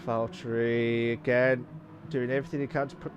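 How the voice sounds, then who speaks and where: A man commenting live on a sim race, excitable and repeating phrases, breaking into shouts. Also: mid-range voice, moderate pace, highs cut off, noisy background.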